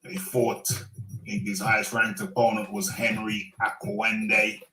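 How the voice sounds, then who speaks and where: A man hosts a boxing talk segment, giving wry commentary in a low, bright voice. He speaks slowly, with little rise and fall. Faint music plays behind him in an echoey room. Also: little pitch movement. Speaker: boxing talk show host. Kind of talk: recorded show segment narration.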